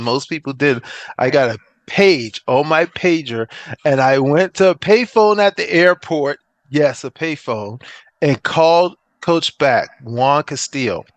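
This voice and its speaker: A middle-aged man spins stories in a relaxed interview, jumping into the voices of the people he quotes. His voice sits in an ordinary middle pitch. The sound is close and dry, with no room around it. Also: no echo. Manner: animated storyteller who acts out quoted dialogue. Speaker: interview guest, former pro football player. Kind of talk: casual storytelling interview.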